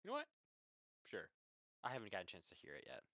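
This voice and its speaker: Bright, animated player on dull audio. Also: low-pitched, quick pace, dry recording. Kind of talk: tabletop role-play banter.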